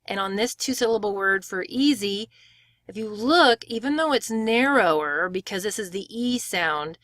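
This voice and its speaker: Woman, pronunciation teacher, tutorial, clear step-by-step explaining, mid pitch, dry sound. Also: lively intonation, moderate pace, a bit bright, dry recording. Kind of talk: screen-share tutorial.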